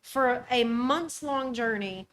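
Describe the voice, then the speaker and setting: A woman's voice: on the high side, takes it slowly, a bit bright, a little hiss or hum. A young American woman co-hosting a casual travel podcast, opinionated and emphatic. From United States. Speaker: podcast co-host. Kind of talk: casual chat.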